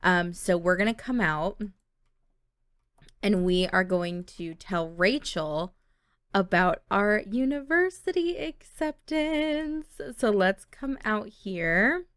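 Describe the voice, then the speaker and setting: Woman game host, slow, giggly casual commentary, dry close mic. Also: medium pitch, animated, a bit bright, clean tone, dry recording. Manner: chatty, giggly, addresses viewers fondly. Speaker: life-sim game let's-play host.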